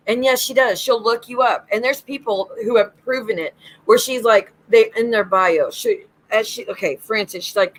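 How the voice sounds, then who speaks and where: Woman, livestream host and psychic medium; blunt, sassy, swearing rant, slightly high voice. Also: normal speed, poor audio. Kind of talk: ranting livestream commentary.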